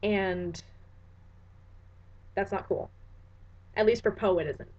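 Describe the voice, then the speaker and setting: A woman's voice: medium pitch, takes it slowly, darkish tone. Woman reciting and explaining verse, lo-fi. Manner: slangy, conversational asides between recited verses. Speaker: poetry explainer. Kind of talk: casual explanation with dramatic poem recitation.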